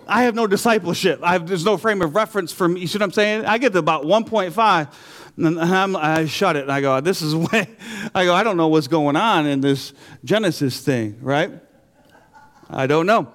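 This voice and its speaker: A man telling his personal faith testimony with animated storytelling, acting out his own reactions and going low and quiet for serious moments. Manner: asks listeners "you see what I'm saying?". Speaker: speaker sharing a faith testimony.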